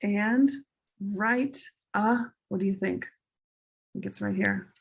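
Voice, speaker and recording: A woman teacher slowly and carefully drilling English pronunciation in a recorded lesson. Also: medium pitch, gravelly, slightly rough, lo-fi sound. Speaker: ESL teacher.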